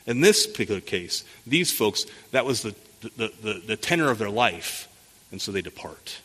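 A man's voice: lowish voice, big pitch swings, normal speed, pushed and bright. A man preaching an expository sermon, asking rhetorical questions and often restarting his phrases. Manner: frequent restarts and repeated words. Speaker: pastor. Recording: long hall reverb.

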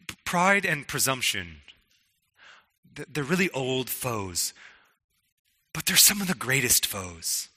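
A man's voice: medium pitch, very animated, slow, long pauses, bright, forceful tone, big-room sound. A man preaching a sermon in an earnest, conversational way, often restarting his words. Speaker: pastor.

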